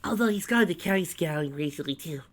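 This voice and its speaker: Guy doing a teen girl voice, pitched up, amused, casual know-it-all. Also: expressive, fast talker, close to an everyday voice. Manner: lightly amused, matter-of-fact. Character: teenage girl, knowing and quietly amused.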